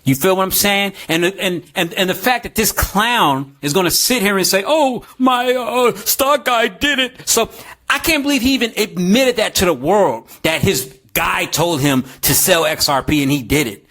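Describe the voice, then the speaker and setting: A man with a notably high speaking voice delivers a ranting commentary. His talk is slangy and full of curses, and he keeps pressing the audience for agreement. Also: expressive, normal speed, few pauses, a bit bright. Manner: heated, slangy, profane, keeps asking "you feel me". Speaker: crypto video host.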